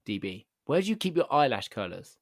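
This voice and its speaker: A man voicing a rude, furious woman shopper who shouts indignantly in a raised, shrill voice. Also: sing-song, fairly quick, dry recording, clean studio sound. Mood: exasperated.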